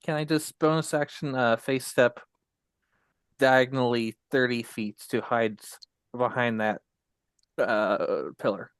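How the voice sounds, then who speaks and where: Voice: medium pitch, fairly even intonation, a little slow, clear, resonant tone, no room sound. Hesitant player in a dry room. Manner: hesitant, asking rules questions. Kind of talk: tabletop game play.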